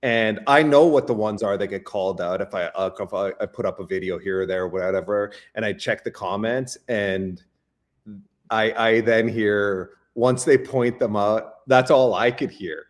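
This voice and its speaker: Brief: Canadian-accented male guest, low-pitched, animated and rambling, stumbling restarts. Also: moderate pace. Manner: animated, stammering restarts and many fillers. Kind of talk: casual interview chat.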